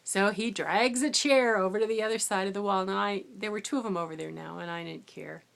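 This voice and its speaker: Middle-aged woman, tired after no sleep, vlogging a rambling story about substitute teaching in a chatty, mid-pitched voice. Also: a little fast, gravelly. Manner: chatty, rambling, animated when quoting herself. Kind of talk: casual storytelling vlog.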